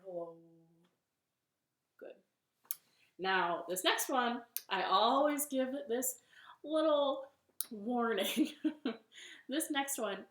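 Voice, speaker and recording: A woman leading a children's storytime from her living room, gentle and encouraging, with a sing-song manner for the kids. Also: mid-range voice, reverberant.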